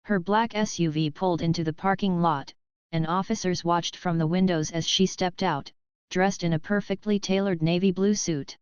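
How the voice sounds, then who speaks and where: A woman reading a dramatic story aloud in a steady, even narrating voice. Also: fairly low pitch, normal speed, clean tone, no echo. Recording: dry, slightly dull lo-fi.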